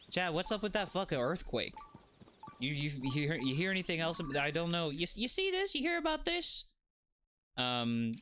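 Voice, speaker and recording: Man, live game streamer, jokey rambling chat, casual swearing, slightly high voice, unhurried delivery. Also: a bit bright, dry recording. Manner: rambling, jokey, swears freely, chats to viewers.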